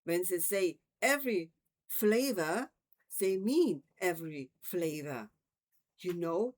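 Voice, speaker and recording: A woman's voice: medium pitch, natural voice. A woman reading a wry young schoolboy.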